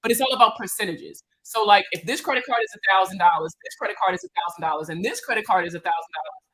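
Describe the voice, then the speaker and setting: A woman with a Baltimore accent, a credit repair consultant, answering viewers' questions in a casual livestream, animated and slangy, joking with her audience. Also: medium pitch, racing, husky, rough recording.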